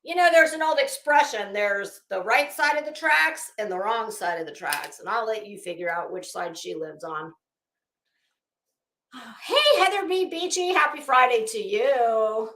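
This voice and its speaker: A woman's voice: a little high, lively intonation, a little slow, a bit bright. A woman hosting a live stream, reading chat messages aloud and giving catty, sarcastic gossip commentary with plenty of swearing. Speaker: livestream host. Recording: roomy echo.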